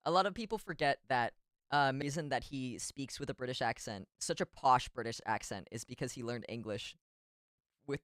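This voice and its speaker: A man's voice: mid-range voice, fairly bright tone, dry recording, clean studio sound. A man streaming as a VTuber in casual chat, rambling and giggly with self-deprecating asides.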